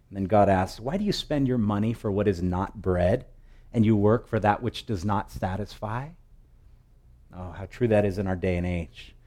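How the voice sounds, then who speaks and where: A male pastor preaching a sermon. His voice swells with emphasis, and he slows down to read scripture. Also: on the low side, warm tone. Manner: preaching with rising emphatic swells and slow, drawn-out scripture readings.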